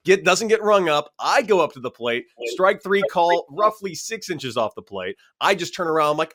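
A man's voice: fairly high pitch, lively intonation, fairly quick, few pauses, fairly bright tone. A man, a former baseball player, telling stories in casual chat and acting out both sides of arguments.

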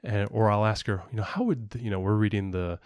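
A man's voice: lowish voice, fairly even intonation, fast talker, a little mellow, no echo. A man co-hosting a casual podcast, explaining at length in a rambling way with frequent fillers and restarts. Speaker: podcast co-host and parent.

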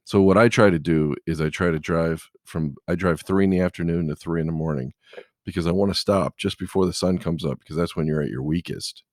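A man's voice: low voice, fairly quick, a little mellow, no echo, clean studio sound. A middle-aged man, a truck driver, chatting casually and telling rambling stories full of "you know". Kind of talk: casual chat.

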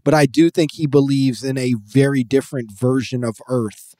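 A man's voice: medium pitch, steady tone, normal speed, mellow, no echo. Man, podcast host, casual chat, rambling with fillers, dry close sound. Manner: rambling, explains with many fillers and restarts.

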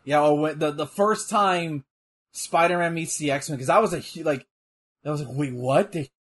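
A man chatting casually while watching a match, excitable and exclaiming at the action with plenty of swearing. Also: a little high, moderate pace, slightly rough. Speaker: co-host. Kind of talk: casual watch-along chat.

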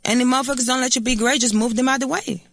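A woman's voice: high-pitched, fairly even intonation, rapid-fire, creaky, a bit bright, dry recording. A woman in her thirties with a Puerto Rican accent, a guest in a casual interview who talks in a brash, profane and boastful way. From Puerto Rico. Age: 30s.

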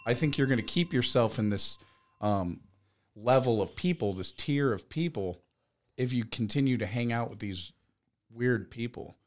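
A man's voice: mid-range voice, lively intonation, normal speed, few pauses. A man hosting a podcast in casual chat, blunt and profane, with lots of fillers. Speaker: podcast host.

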